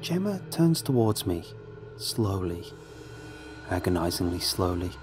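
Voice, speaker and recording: A man narrating a first-person horror story in a somber, measured, grave way. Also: low-pitched, very animated, over music.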